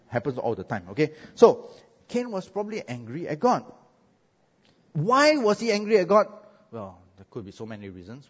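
Lively preacher with a Singaporean English accent. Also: male voice, medium pitch, slightly rough. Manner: lively, joking, asks the crowd "right?". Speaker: pastor. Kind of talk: sermon. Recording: muffled sound with long hall echo.

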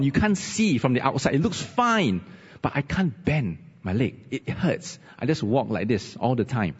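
Male pastor, husky, animated storyteller, recorded dull and echoey in a church hall. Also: mid-range voice. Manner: animated storytelling, rising emphasis. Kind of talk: sermon with personal story. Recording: husky voice, dull sound, long reverb.

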